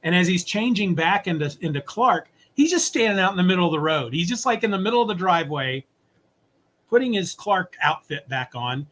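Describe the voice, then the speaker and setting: A man co-hosting a podcast, casually and animatedly retelling a comic story and briefly acting out its characters. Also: sits high. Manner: animated retelling, voices characters in quick asides. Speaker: podcast co-host. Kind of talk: casual comic recap chat.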